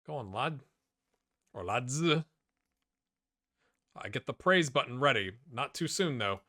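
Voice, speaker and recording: A middle-aged gaming YouTuber does let's-play commentary on a football management game, addressing the players on screen directly and getting worked up. His mid-range voice moves at an unhurried pace, and the studio sound is clean with no room sound.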